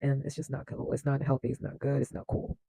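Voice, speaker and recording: Mellow-voiced man recapping a film. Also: mid-range voice, completely flat delivery, quick pace, creaky, breathy edge, poor audio. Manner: chatty, leans on fillers, laughs often. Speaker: film reaction host. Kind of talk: casual movie recap and commentary.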